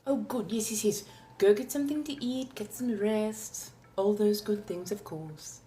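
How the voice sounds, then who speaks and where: A woman from Southern California reading tarot on a live stream in casual chat, with a theatrical, drawn-out way of speaking and calling her viewers darlings. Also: mid-range voice, warm tone, soft background music. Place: home.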